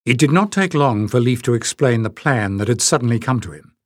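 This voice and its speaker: A male audiobook narrator telling a fantasy story in a steady, even way. His voice sits at a middle pitch, and the recording is dry and close with no room sound. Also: brisk, no echo. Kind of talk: scripted narration.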